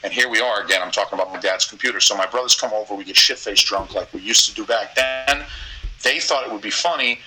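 A man's voice: on the low side, quick pace, pushed and bright, a little hiss or hum, rough recording. A man with a Boston accent telling a crude, rambling story as a podcast guest, profane and often laughing.

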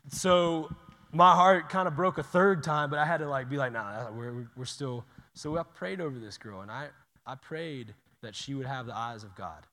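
A man preaching a sermon in a casual, conversational way, swinging from loud urgent bursts to hushed near-whispers. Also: a little high, moderate pace, big-room sound. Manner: casual and conversational, says "y'all" and "dude".

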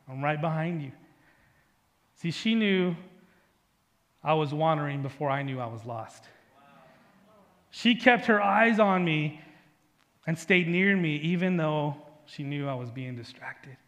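A man preaching a Sunday sermon in a fairly high voice, talking to his congregation like friends and weaving in personal stories. His voice rings out with a long reverb, as in a large church sanctuary. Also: fairly bright tone. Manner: conversational preaching with personal stories and frequent "right?". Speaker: pastor.

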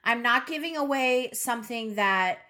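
A woman co-hosting a podcast in casual chat, quick to react, laughing along and swearing casually. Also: a little high, animated, bright, forceful tone. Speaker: podcast co-host.

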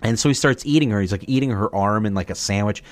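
A man hosting his own podcast, running through movie recommendations in a loose, rambling, jokey way, swearing freely and often jumping into excited, higher asides. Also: fast, no echo. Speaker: podcast host. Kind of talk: casual solo movie review.

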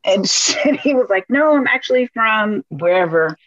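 A woman's voice: mid-range voice, expressive, normal speed, a bit bright, dry recording. A woman from Brooklyn in casual conversation, telling stories animatedly and acting out quoted dialogue. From Brooklyn, New York. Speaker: guest. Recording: dull, dry podcast mic.

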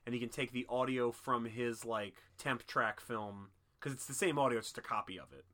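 Male podcast co-host with a bright, forceful voice; loose, profane, joking film talk. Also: medium pitch. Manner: joking, swears freely, quick impressions. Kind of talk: casual chat.

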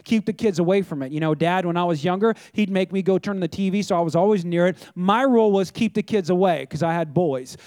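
Male pastor, middle-aged, very high voice, dry close sound; storytelling sermon delivered straight to the congregation. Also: fast, hardly any pauses, darkish tone, dry recording. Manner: chatty storytelling, addresses the audience directly. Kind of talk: conversational sermon.

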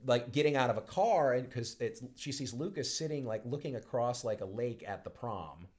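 A man's voice: mid-range voice, normal speed. Rambling man recapping a film. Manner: rambling, animated retelling with frequent restarts. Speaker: podcast co-host. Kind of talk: casual movie chat.

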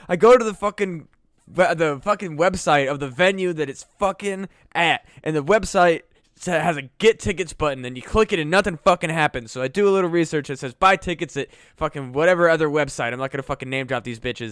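A man's voice: fairly high pitch, brisk, a bit bright, clear, resonant tone, no room sound. A young man co-hosting a comedy podcast, swearing constantly and ranting heatedly into a close mic. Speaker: podcast co-host. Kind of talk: profane comedy podcast chat. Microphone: close podcast mic with headphones.

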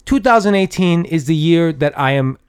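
Podcast co-host, male, slightly high voice, rambling, stop-start delivery. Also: animated, smooth, no echo, studio quality. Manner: rambling, halting, lots of restarts and fillers. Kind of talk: casual chat.

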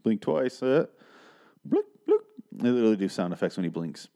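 A man's voice: fairly low pitch, expressive, quick pace, vocal fry, warm tone. A man in his thirties casually recapping a film, sarcastic and exasperated, swearing freely. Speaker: film reviewer.

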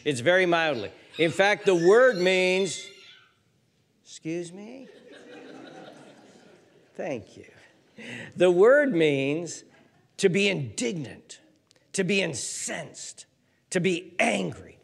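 A man's voice: high voice, animated, takes it slowly, creaky, pauses often. A man preaching a sermon as pastor, emphatic, repeating words and building lists of words that rise as he goes.

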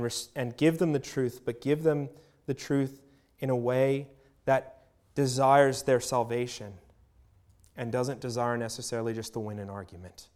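A man preaching a sermon as pastor, earnest, leaning on emphatic pauses and letting his volume swell and drop. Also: mid-range voice, darkish tone.

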